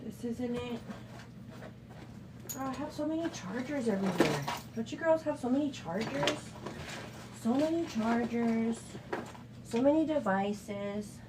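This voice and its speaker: A woman's voice: a little high, expressive, unhurried, pauses often, heavy background noise. A woman hosting a casual get-ready-with-me makeup show, chatting affectionately and greeting viewers in a sing-song way.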